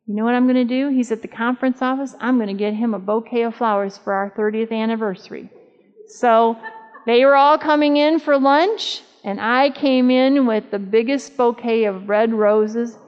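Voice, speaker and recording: Middle-aged female church speaker, storytelling, light humor, higher register, muffled recording. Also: normal speed. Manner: chatty, humorous storytelling with audience questions. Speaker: speaker at a church camp meeting. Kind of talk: conversational sermon. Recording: dull sound with long hall reverb.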